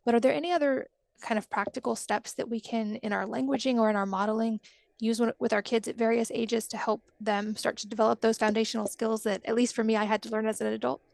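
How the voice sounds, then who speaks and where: Woman host with a gravelly high voice. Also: fairly even intonation, fast, dry recording. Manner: warm, affirming, long rambling questions. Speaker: podcast host, mother. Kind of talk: podcast interview question.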